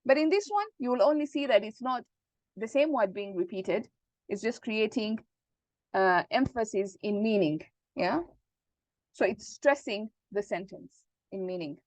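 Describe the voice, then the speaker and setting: A woman teaching Arabic grammar in an online class, explaining slowly and checking that students follow. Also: mid-range voice, no room sound. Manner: patient, repeats points and checks understanding.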